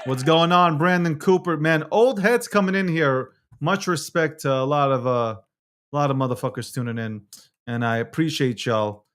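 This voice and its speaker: A man with a high-pitched voice hosts his own live stream, talking loosely and profanely as he reads out viewer comments. He swings between playful wounded feelings and loud hype. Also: normal speed. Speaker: livestream show host. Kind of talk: casual live-stream chat.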